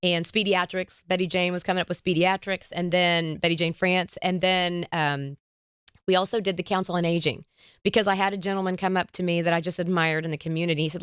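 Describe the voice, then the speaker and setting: A woman hosting an interview podcast, telling stories in a lively, animated way and acting out the voices of the people she quotes. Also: fairly low pitch, fairly quick, smooth, dry recording, studio quality. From United States. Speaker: podcast host. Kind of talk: casual interview chat.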